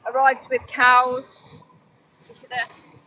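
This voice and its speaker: A woman's voice: sits high, monotone, slow, low-quality recording. A young woman with a Midlands accent, livestreaming outdoors by a road on her phone, chatting with viewers and preaching earnestly. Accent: English Midlands. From English Midlands. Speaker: animal rights activist livestreamer. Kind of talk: casual livestream chat. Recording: loud outdoor traffic noise.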